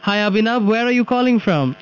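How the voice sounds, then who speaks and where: A man's voice: sits high, lively intonation, a little fast. A man hosting a casual radio show, cheerful and upbeat, laughing often. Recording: dull lo-fi sound with faint hum.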